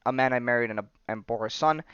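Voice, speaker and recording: Guy reading out a dying mom telling a dark secret, clear voice, dull dry audio. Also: mid-range voice, fast, no echo, natural voice. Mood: grave. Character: dying mother, grave older woman. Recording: slightly dull dry recording.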